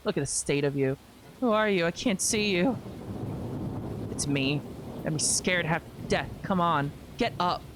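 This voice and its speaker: A woman voicing a sardonic young nun in a lower, dry, teasing voice for a game read-aloud. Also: measured pace, long pauses, noisy background, close to an everyday voice.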